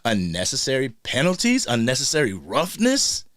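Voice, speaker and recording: A man's voice: medium pitch, moderate pace, no echo, studio quality. A man hosting a casual live fan stream, greeting viewers in the chat by name. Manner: animated, shouts out viewers in the chat. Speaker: host of a live fan show.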